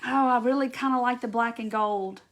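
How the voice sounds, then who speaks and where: A woman with a notably high voice hosts a live craft tutorial. She chats loosely as she works, stopping often to greet viewers by name and answer their comments. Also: moderate pace. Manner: chatty, greets viewers by name while reading comments and working.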